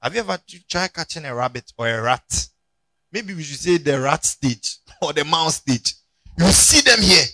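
A man's voice: on the high side, moderate pace, no room sound. A man preaching a sermon as pastor, joking and calling on the congregation to turn to their neighbors. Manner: animated, joking, calls on the congregation.

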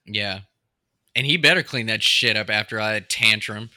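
A man's voice: fairly low pitch, normal speed, bright, forceful tone, no echo, clean studio sound. A man co-hosting a casual podcast, thoughtfully reasoning through a TV plot. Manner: thoughtful, reasons things out with restarts. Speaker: podcast co-host. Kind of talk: casual chat discussing a TV episode.

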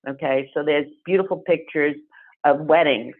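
A woman who is a podcast guest, telling a story in an animated, emphatic way. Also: low voice, moderate pace, a little hiss or hum. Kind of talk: storytelling interview. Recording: phone-like narrow sound.

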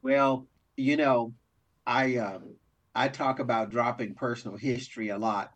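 A man's voice: medium pitch, unhurried. A man co-hosting a casual talk show as a coach, easygoing and chuckling as he acts out little scenes. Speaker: coach and co-host. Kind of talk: casual chat.

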